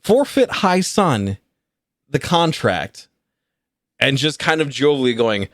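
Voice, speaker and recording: A man running a tabletop game as game master, narrating in an animated, playful way. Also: medium pitch, slow pace, dry recording, studio quality.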